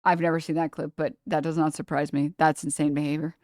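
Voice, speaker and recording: A young adult woman hosting a livestream, chatting casually and ranting with swearing and quick asides. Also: deep voice, level tone, a little mellow, no room sound, clean studio sound. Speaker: livestream host. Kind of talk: casual chat.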